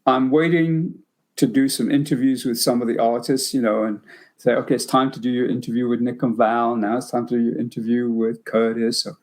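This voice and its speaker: Older British-born host, mid-pitched, meandering anecdotal chatter. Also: male voice, level tone, a little fast, darkish tone. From Britain. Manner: rambling, many fillers and restarts. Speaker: podcast host. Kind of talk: casual anecdotal chat.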